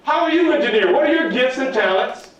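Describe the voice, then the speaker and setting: High-voiced man speaking in an echoey hall. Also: fairly quick, recorded from a distance, highs cut off. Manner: animated, calls for audience answers. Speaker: motivational speaker at student workshop. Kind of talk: storytelling talk to a live audience. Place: large hall at a live event.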